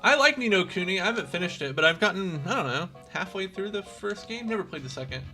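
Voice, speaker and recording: Kansas guy playing the game, high sharp voice, short dry quips, faint music behind. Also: expressive, fast talker. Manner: brief, dry remarks while playing. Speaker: player, co-host. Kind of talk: casual gameplay chat.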